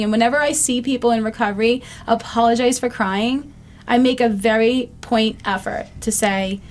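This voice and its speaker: A woman's voice: on the high side, steady tone, moderate pace, slight background noise. A woman in her fifties hosting a recovery show, talking reflectively and earnestly with frequent ums. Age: 50s. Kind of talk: casual talk-show monologue.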